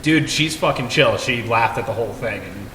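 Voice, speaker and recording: A man telling a story in a casual podcast chat, laughing as he goes and dropping quiet on his asides. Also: mid-range voice, moderate pace, slight background noise. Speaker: podcast host. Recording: echoey room with long reverb.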